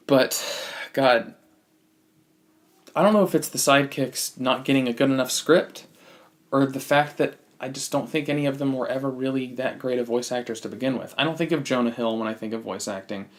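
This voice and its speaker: A man's voice: mid-range voice, moderate pace. Blunt, opinionated man reviewing a movie. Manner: opinionated, blunt, frequent restarts. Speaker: podcast host. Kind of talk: casual movie review chat.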